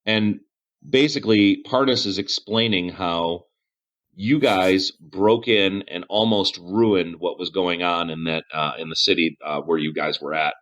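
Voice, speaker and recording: A man's voice: sits low, fairly even intonation, measured pace, fairly bright tone, highs cut off. A man narrating as game master of a tabletop game, casual and swearing, laughing often.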